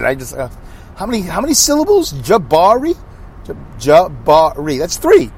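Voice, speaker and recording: A man hosting his own podcast while driving, chatting in a rambling, self-mocking way full of asides. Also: a little high. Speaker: podcast host. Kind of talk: rambling solo podcast chat. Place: inside a moving vehicle.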